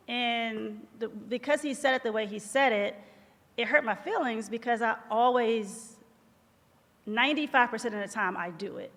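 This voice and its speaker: A woman co-hosting a live podcast, retelling a conversation with expressive quoted lines and a teasing edge. Her voice sits very high. The live hall adds a long reverberant tail. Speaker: podcast co-host. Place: live show venue in a large hall.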